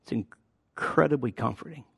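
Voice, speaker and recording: A man in his sixties preaching a sermon as a pastor, conversational with personal asides, leaping up in pitch and volume to stress key words. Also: moderate pace, vocal fry, husky, no room sound, clean studio sound.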